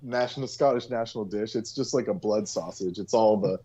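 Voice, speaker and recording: A man's voice: fairly low pitch, brisk, mellow, dull audio, slight background noise. A man co-hosting a casual chat, rambling and profane, full of fillers. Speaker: co-host.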